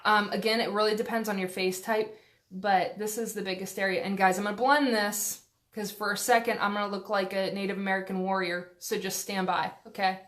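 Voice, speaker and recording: A chatty woman talks her way through a makeup tutorial at home, full of fillers, little asides and self-deprecating jokes. Her voice sits in an ordinary middle pitch and comes through a phone camera. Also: little pitch movement, brisk, a bit bright. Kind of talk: casual live-stream makeup tutorial.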